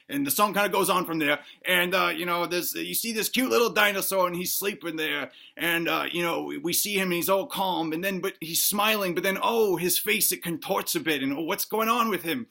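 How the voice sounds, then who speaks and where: A man rambles through a made-up movie plot with crude, mock-earnest humor. His voice sits high and sounds bright and edgy. A gravelly fry runs through it as he stumbles over his restarts. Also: moderate pace, hardly any pauses. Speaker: comedy host. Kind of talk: rambling comic movie narration.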